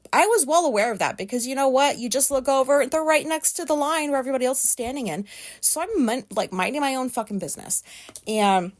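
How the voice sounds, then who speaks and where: A woman venting in a casual, profane rant, agitated and exasperated, full of "like" fillers. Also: sits high. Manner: profane, exasperated ranting with frequent "like". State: agitated, pissed off. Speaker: vlogger.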